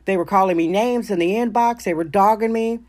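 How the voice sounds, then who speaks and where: A woman's voice: mid-range voice, brisk, darkish tone. A middle-aged woman from Wisconsin hosting her own show, talking in an emphatic, self-assured and opinionated way. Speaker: podcast host. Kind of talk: casual monologue.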